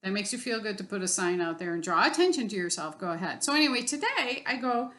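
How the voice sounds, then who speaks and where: A woman in a casual vlog, talking bluntly and with plenty of profanity. She sounds exasperated and fed up as she tells her story, pitched at a middling level. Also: expressive, quick pace, a bit bright. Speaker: vlogger.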